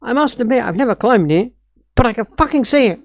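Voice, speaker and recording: Exasperated sweary woman, gravelly. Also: on the high side, animated, fairly quick, no room sound, clean studio sound. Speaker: streamer. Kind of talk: live-stream reaction commentary.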